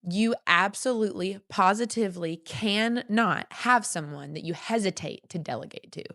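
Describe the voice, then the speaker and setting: A woman hosting a business podcast in casual conversation, animated and acting out her own quotes. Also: mid-range voice, normal speed. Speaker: podcast host and business owner.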